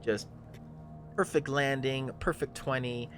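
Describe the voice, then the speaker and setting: A man's voice: mid-range voice, fairly even intonation, slow pace, a bit bright, faint music behind. A man narrating a tabletop game as game master, hesitant with many restarts.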